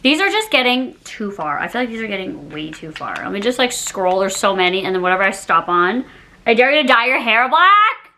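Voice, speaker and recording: A woman's voice: mid-range voice, big pitch swings, brisk, pushed and bright. A young woman doing a casual dare-challenge vlog, giggly and exclamatory, laughing often. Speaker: YouTuber.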